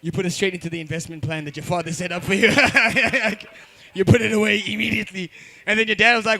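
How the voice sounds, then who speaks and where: A man's voice: sits high, fast, creaky, hardly any pauses, pushed and bright, dry recording. A man hosting a comedy show, teasing and swearing at the crowd from a bar stage. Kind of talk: stand-up crowd work.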